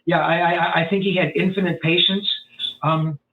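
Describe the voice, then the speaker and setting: A man's voice: fairly high pitch, normal speed, slight background noise. Man on a tinny phone line, rambling. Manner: rambling, animated, many fillers and restarts. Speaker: podcast guest. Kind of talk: storytelling in a casual interview.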